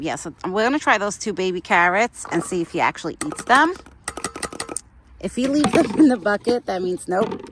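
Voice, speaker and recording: A woman's voice: on the low side, a little hiss or hum. A young woman chatting casually and rambling as she feeds a deer outdoors in the cold, laughing often. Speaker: vlogger feeding a wild deer. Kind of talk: casual outdoor vlog chat.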